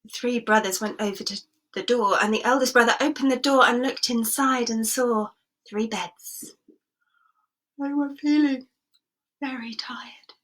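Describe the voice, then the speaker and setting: High-voiced woman telling a sensory story. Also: measured pace. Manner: expressive, slips into whispers, invites audience to join in.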